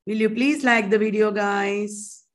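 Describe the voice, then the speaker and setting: Slow-paced woman teaching. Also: medium pitch, steady tone. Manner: quizzing viewers, chatty, mixes in Hindi asides. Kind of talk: exam-prep online lesson.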